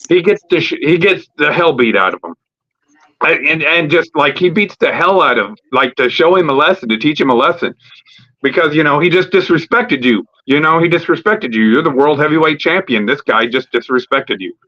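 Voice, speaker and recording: A man's voice: a little high, lively intonation, sharp tone. Profane, rambling man on a lo-fi stream. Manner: profane, rambling, acts out promos in quick asides. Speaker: wrestling talk stream host. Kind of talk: casual ranting commentary. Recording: lo-fi streamed audio.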